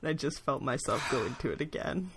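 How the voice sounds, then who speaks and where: A woman co-hosting a podcast in casual chat, animated and quick to laugh. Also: low-pitched, slight background noise. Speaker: podcast co-host.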